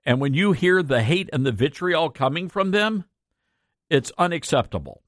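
A man's voice: fairly high pitch, big pitch swings, moderate pace, a bit bright, no room sound, clean studio sound. A man hosting a talk radio show, earnest and impassioned, often repeating himself for emphasis.

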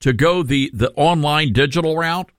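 A middle-aged man with a Tennessee Southern accent hosting a call-in radio talk show, chatty and upbeat and quick to laugh. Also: on the high side, fairly bright tone, no room sound, studio quality.

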